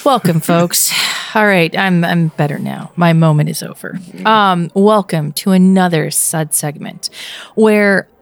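Slow, playful woman podcast host. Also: fairly low pitch, creaky. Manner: playful, laughs often. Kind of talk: casual chat.

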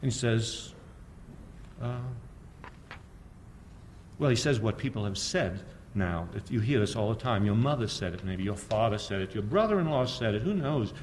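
A man giving a public history lecture, sardonic and animated, firing off rhetorical questions and often chuckling at his own points. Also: on the low side, moderate pace, a little hiss or hum.

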